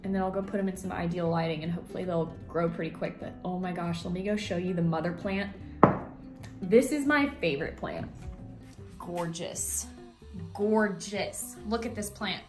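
In a home how-to vlog, a woman with a lowish voice talks a little fast, chatty and enthusiastic, with plenty of fillers and heavy breathing. She's recording in a home office room that sounds echoey, with faint music in the background.

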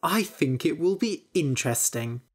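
A woman reading a storybook aloud, voicing a sly young male trickster with a smooth, scheming manner. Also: deep voice, animated, normal speed.

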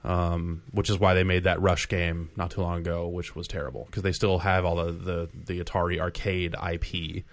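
A man co-hosting a podcast in casual chat, rambling and excitable, often laughing. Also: deep voice, moderate pace, hardly any pauses. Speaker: podcast co-host.

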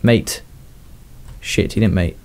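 A young gaming YouTuber chats casually while he plays, talking to his pets and laughing often, though he sounds slightly unwell and coughs. His voice is low, slow, creaky, and darkish.

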